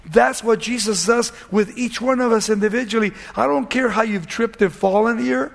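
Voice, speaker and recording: A pastor delivering a sermon in a notably high male voice. He retells scripture with animated storytelling and acts out the scenes before sinking into a hushed prayer. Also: normal speed, creaky, hardly any pauses.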